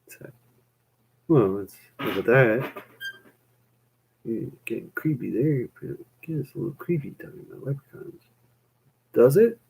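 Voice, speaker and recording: A man's voice: mid-range voice, creaky, darkish tone, slight background noise. A young man chatting on a live stream, rambling with lots of fillers and casual swearing.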